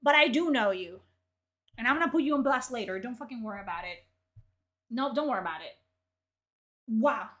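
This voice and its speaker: A woman streaming from home goes on a furious, profane rant, repeating lines as her anger builds. Her voice is high and bright, and it leaps wildly up and down in pitch. She sits at a desk mic. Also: expressive, brisk, long pauses. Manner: furious, swearing, repeats herself. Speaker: streamer reacting to gaming news. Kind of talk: angry livestream rant.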